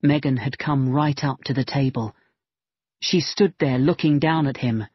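A man reading a novel aloud in a measured, even storytelling manner. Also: medium pitch, breathy edge, no echo. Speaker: audiobook reader. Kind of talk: scripted narration. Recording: dull lo-fi dry recording.

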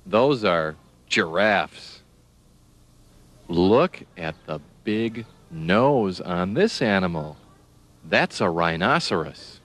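A man's voice: low-pitched, lively intonation, extremely slow, a bit bright. A man teaching young children animal names, spelling words out letter by letter and asking the listener questions.

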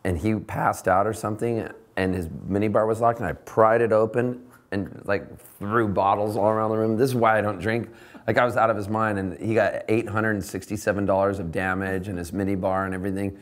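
A man, a singer-songwriter, telling a rambling, animated backstage story in a casual interview. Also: fairly low pitch, a little fast. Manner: rambling, animated anecdote with laughs. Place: backstage at a tavern venue.

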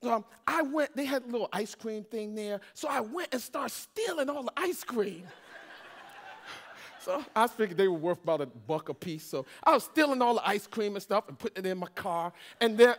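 A man's voice: high voice, normal speed. A middle-aged man, a pastor, telling a humorous personal testimony in a sermon, joking with the congregation as he goes. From Washington, D.C. area. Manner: animated storytelling, jokes with congregation.

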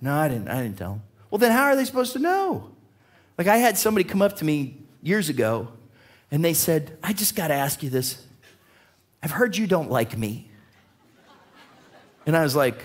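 Animated pastor preaching a sermon. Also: male voice, high voice, normal speed. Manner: animated, repeats himself, laughs through anecdotes. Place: church sanctuary.

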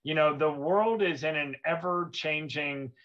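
A man's voice: a little high, measured pace, fairly bright tone, muffled recording. A man co-hosting a livestream, speaking earnestly and steadily with many fillers. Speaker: host. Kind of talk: livestream presentation.

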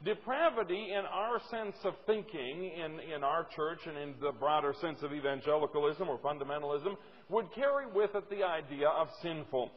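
A man. He stresses key points by slowing right down and answers objections he voices himself. The recording is dull and lo-fi, with a long reverb trailing through the church hall. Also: fairly high pitch. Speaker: pastor. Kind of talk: sermon teaching from a lesson outline.

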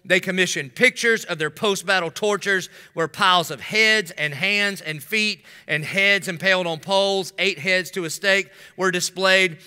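A man's voice: sits high, moderate pace, few pauses, sharp tone, smooth. A middle-aged male pastor preaching a sermon, telling funny stories and making asides to the congregation in a large church sanctuary. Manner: storytelling, humorous asides to the congregation. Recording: long hall reverb.

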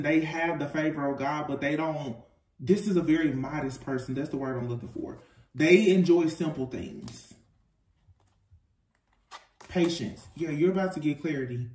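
A man giving a casual tarot reading to his viewers, animated and informal, laughing often. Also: a little high, recorded from a distance. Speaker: tarot reader. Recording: echoey room, off-mic, faint noise.

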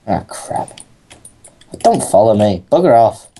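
A man's voice: lowish voice, very animated, slow, a crowd in the background. A young man playing a game with a friend, teasing and sarcastic in casual chat. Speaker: co-host gamer.

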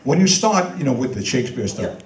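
A man's voice: medium pitch, big pitch swings, brisk. An older man in a stage comedy routine, talking in a pompous, mock-theatrical way. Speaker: comedy sketch performer and singer. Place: senior center stage. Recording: echoey hall from far off, loud music.

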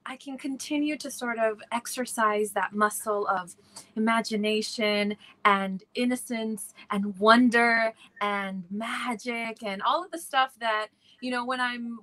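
Bright, earnest woman in her thirties. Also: on the high side, poor audio. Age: 30s. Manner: warm, earnest, searching for words with many likes. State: emotional, near tears. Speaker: actor in the play. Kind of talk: live virtual panel talk.

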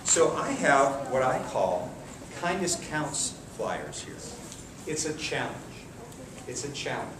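A man, a martial arts instructor, giving an energetic call-and-response talk to children at a school assembly, coaxing them to repeat phrases. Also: medium pitch, slow pace. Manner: energetic, coaxing, asks questions and has the kids repeat phrases. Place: large echoey room such as a school gym. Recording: echoey hall from far off with kids' noise. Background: children's voices and room noise.

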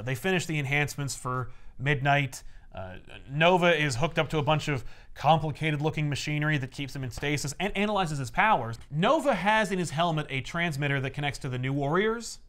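Animated man recapping comics. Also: a little high. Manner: animated, acts out characters in quick voices. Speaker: podcast host recapping comics. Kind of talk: casual comic recap chat.

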